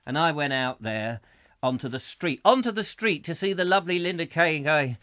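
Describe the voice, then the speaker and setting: A man's voice: fairly high pitch, expressive, moderate pace, a bit bright, no room sound. A man hosting a comic chat show from a home studio, rambling and jokey with theatrical outbursts. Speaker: host. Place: home studio in a back room.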